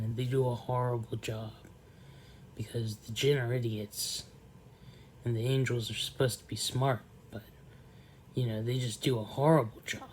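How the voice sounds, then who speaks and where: A man talking to the camera in a slow, soft, rambling monologue, trailing off often and filling gaps with pauses. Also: medium pitch, steady tone, a little hiss or hum. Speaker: vlogger.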